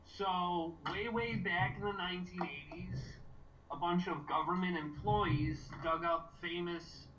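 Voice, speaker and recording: A man's voice: high-pitched, measured pace, a bit bright, recorded from a distance, highs cut off, slight background noise. A man hosting a casual watch-party chat, rambling with many fillers. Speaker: podcast host.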